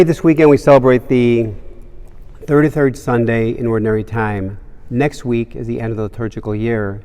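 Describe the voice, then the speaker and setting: Priest preaching in a reverberant cathedral. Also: male voice, medium pitch, a little mellow. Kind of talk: homily with a joke.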